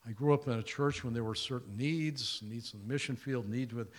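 An older man preaching a sermon as pastor, telling stories and acting out the dialogue in them. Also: fairly quick. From Indiana, USA. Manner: storytelling, acts out dialogue, lively pitch.

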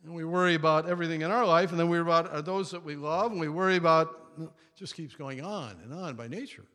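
A man preaching a sermon in an animated way. He repeats key words for emphasis and chuckles often. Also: fairly high pitch, fast. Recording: long reverb of a large hall.

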